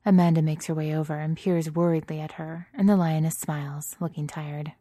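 A woman narrating a story in a steady, even reading voice. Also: low voice, brisk, no echo.

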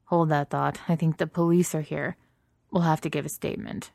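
A woman voicing a weary, teasing shapeshifting heroine with a raspy, hoarse voice, in a storybook reading. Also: sits low, steady tone, normal speed, darkish tone, no room sound, clean studio sound.

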